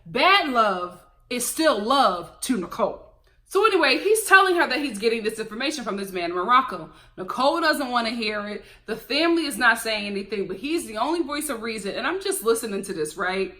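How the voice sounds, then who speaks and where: A woman vlogger dishes on a reality show in a sassy, opinionated rant. Her voice sits fairly high and swoops widely between low asides and sharp peaks. The tone is bright and forceful. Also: a little fast. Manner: sassy, animated, opinionated ranting with laughs. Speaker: TV recap vlogger. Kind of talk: casual reality-TV review.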